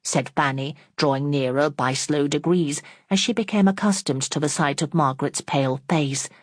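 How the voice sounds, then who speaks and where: A woman narrating a classic novel as an audiobook in a steady, even reading style. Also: low-pitched, moderate pace, no room sound, studio quality. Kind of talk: scripted narration.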